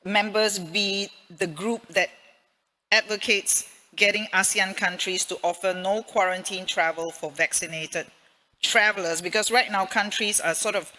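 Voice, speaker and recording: Female interviewer, bright mid-pitched voice, chatty and meandering conference questions. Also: steady tone, unhurried, a little hiss or hum, rough recording. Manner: conversational, rambling questions.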